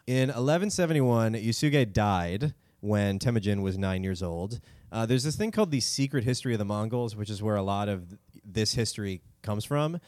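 A man's voice: lowish voice, animated, normal speed, a little mellow, no room sound. Joking man, dry close sound. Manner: joking, rambling, self-mocking. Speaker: podcast co-host. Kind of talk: casual comedic history chat. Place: cold room.

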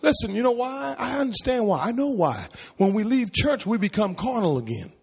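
In a church sanctuary, a pastor leads a call-and-response sermon, calling out questions for the congregation to answer. His voice is very high, husky and sing-song at a moderate pace, with long hall reverb on the recording.

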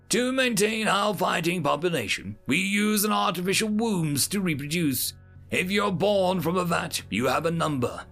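Gruff, proud male alien soldier, voiced by a male reader, clipped military talk, gravelly tone, lively swings in pitch. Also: full character voice.

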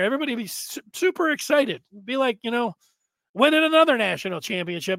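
A man hosting a sports talk show, rambling in a casual monologue with sudden loud bursts. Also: very high-pitched, expressive, fast talker, creaky, no room sound.

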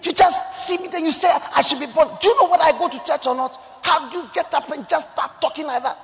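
A man voicing an angry, proud businessman who shouts back in quick, indignant bursts. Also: extremely high pitch, vocal fry, long reverb tail, voice pushed up. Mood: indignant shouting.

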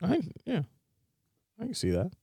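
A man's voice: high-pitched, huge pitch swings, moderate pace, vocal fry, dark tone, slightly rough, no echo, clean studio sound. A man co-hosting a podcast in casual chat, leading the session and reading out script lines. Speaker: podcast co-host.

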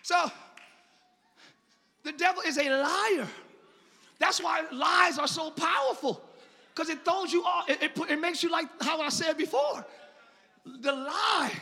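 Male preacher, impassioned sermon, very bright and tense tone, long reverb of a sanctuary. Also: extremely high pitch, moderate pace. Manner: impassioned, swinging from quiet sarcasm to shouting. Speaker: pastor. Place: church sanctuary.

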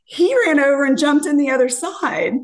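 A woman in her fifties telling a dating story in casual chat, acting out what people said with lively jumps in pitch. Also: moderate pace. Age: 50s. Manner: animated, acts out quotes with lively pitch jumps. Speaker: podcast guest.

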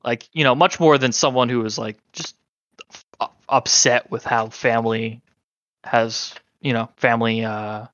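Long Island game master, halting. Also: male voice, mid-range voice, fairly even intonation, fairly bright tone, lo-fi sound. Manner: rambling, halting, with many fillers. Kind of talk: running a tabletop game.

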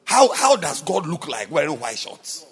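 A man preaching a sermon. He swings between soft asides and loud exhortation. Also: on the high side, big pitch swings, moderate pace. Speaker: pastor.

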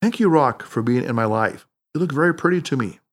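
A man's voice: on the high side, lively intonation, quick pace, fairly bright tone. A man reading the lines of a skeptical male doctor in an audiobook, doubtful and defensive.

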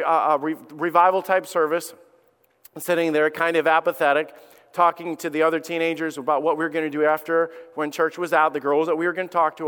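A middle-aged man, a pastor, preaching a sermon and telling a personal story in an earnest way that rises to loud, emphatic peaks. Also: fairly high pitch, smooth. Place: church sanctuary. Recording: long reverb of a large hall.

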